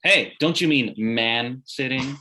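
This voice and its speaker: A man's voice: medium pitch, slow pace, pushed and bright. A man reading a smug, oblivious young billionaire in a comedy table read. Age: late 20s.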